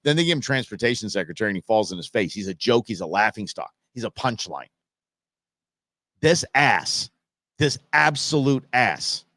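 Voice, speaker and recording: A man's voice: fairly low pitch, very animated, moderate pace, sharp tone, no room sound, clean studio sound. A man hosting a live political commentary show, fired up and sarcastic, often restarting and repeating himself. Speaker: show host.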